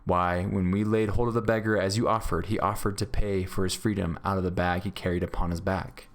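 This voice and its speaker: A blunt young outlaw from an old storybook, a miller's son who speaks plainly and to the point, read aloud by a man. The voice stays low and unadorned. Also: level tone, brisk. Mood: rueful.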